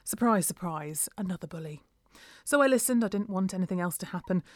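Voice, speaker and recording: A woman's voice: on the low side, expressive, brisk, dry recording. A woman reading a first-person story aloud in an earnest, emotional way.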